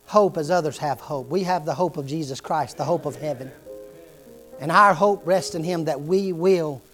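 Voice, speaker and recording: Impassioned preacher, man, faint music. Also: on the high side. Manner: impassioned storytelling sermon delivery. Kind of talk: sermon.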